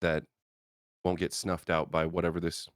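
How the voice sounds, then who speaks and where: A man's voice: deep voice, flat delivery, normal speed, no room sound, studio quality. A man playing a tabletop role-playing game, thinking aloud with hesitant fillers. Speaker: player. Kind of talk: casual tabletop game chat.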